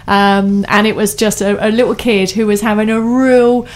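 A woman's voice: medium pitch, flat delivery, normal speed. A woman hosting a radio chat show, talking enthusiastically in long, running sentences. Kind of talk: casual studio chat.

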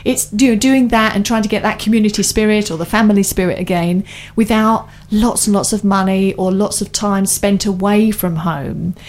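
A woman's voice: mid-range voice, fairly even intonation, normal speed, few pauses, a little mellow. A woman hosting a radio chat show, talking enthusiastically in long, running sentences. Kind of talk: casual studio chat.

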